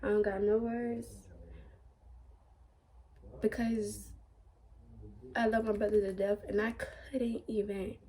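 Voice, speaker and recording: A young woman telling a storytime vlog while crying, halting and full of fillers. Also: medium pitch, flat delivery, mellow. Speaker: vlogger.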